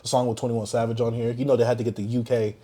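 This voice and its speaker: A young man co-hosting a casual hip-hop podcast, animated, acting out quotes and laughing often. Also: medium pitch, racing. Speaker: podcast co-host.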